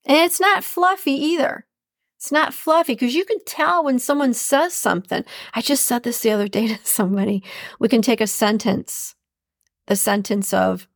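A woman's voice: a little high, moderate pace, gravelly, no echo, studio quality. A woman hosting a podcast in a casual, chatty solo talk, often laughing as she speaks. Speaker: podcast host.

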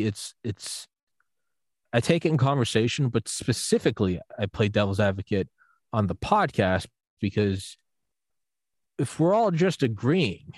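A man in the middle of the usual pitch range talks on a podcast, casual and loose. He swears freely and jumps into acted-out quotes while he makes his point. The sound is dry and close, with no room around it. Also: no room sound. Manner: profane, animated storytelling with acted-out quotes. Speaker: podcast host.

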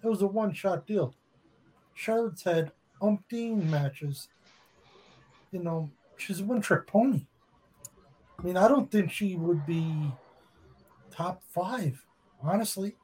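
A man co-hosting a casual chat, giving blunt opinions deadpan. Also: high voice, takes it slowly, pauses often, slightly rough, low-quality recording. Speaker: podcast co-host.

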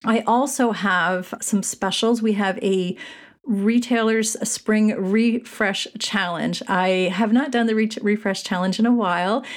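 A woman hosting her own podcast alone into a mic in a small room, chatty and upbeat, often repeating herself warmly. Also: medium pitch, a little slow. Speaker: podcast host. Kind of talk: solo podcast chat. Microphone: studio mic.

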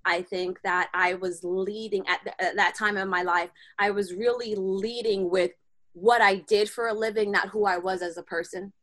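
A woman guest telling a personal story in animated, slangy conversation, acting out her own inner dialogue. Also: medium pitch, normal speed. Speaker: podcast guest.

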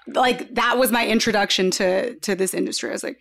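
A woman actress talking animatedly in a casual conversation, with many fillers and quick laughs. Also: mid-range voice, creaky.

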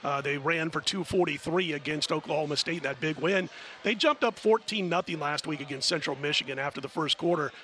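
Casting: middle-aged male betting analyst, bright and crisp tone, chatty storyteller. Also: fairly high pitch, a little fast. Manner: rambling storyteller, chatty and animated. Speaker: sports betting handicapper guest. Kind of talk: casual radio chat.

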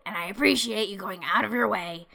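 Earnest woman with a gravelly edge. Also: medium pitch, a little fast, sharp tone. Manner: earnest, sincere.

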